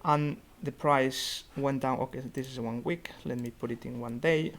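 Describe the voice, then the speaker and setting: A young student investment society organiser works through a portfolio review on a video call, his computer mic picking up a mid-range, fairly bright voice. He talks at normal speed with fairly even intonation, but keeps restarting and using fillers as he thinks aloud.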